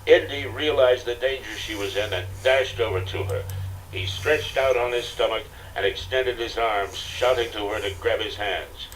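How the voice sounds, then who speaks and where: An older man narrates an audiobook with a low voice and a steady, dramatic delivery. He sounds set back from the microphone. A faint tape hiss runs under his reading. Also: moderate pace, distant mic, poor audio. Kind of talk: scripted narration.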